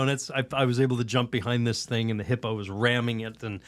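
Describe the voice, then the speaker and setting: A priest talks through a story and a lesson in an unhurried, chatty way. He often breaks into laughter, says "you know" a lot, and starts his sentences over. His voice sits in the middle of the male range and is recorded dry and close, with no room sound. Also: medium pitch, no room sound. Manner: animated, laughs while telling stories; rambling restarts, many "you know"s. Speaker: Catholic priest, podcast guest. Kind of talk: conversational storytelling and teaching.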